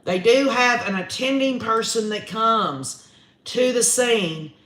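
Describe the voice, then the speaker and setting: A man's voice: very high voice, slow pace, pushed and bright. A man hosting a true crime live stream, reading viewer comments aloud in a folksy, chatty way. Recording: roomy echo.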